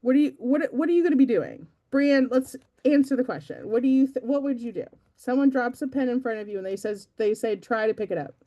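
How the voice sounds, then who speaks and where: A woman's voice: high-pitched, expressive, a little fast, few pauses, warm tone, muffled recording. A young adult woman giving a casual, chatty motivational talk to her team, self-deprecating and full of fillers. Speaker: team meeting speaker.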